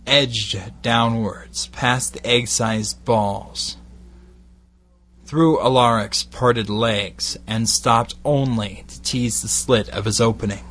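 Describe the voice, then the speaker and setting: A man with a Glaswegian accent slowly reading an erotic bedtime story in a measured, intimate way. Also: mid-range voice, a bit bright. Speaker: narrator.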